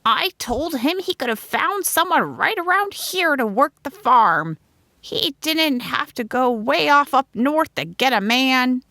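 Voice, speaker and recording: A woman's voice: mid-range voice, normal speed, few pauses, bright, forceful tone, no echo. A woman voicing a cranky farm wife who snaps and complains. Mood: complaining. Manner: snappish, complaining.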